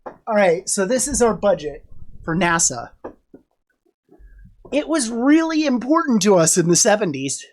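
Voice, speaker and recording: A woman's voice: mid-range voice, big pitch swings, a little slow, pauses often, a little mellow. A woman streamer with a cold, chatting casually on a livestream, joking and swearing as she rambles. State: sick with a cold.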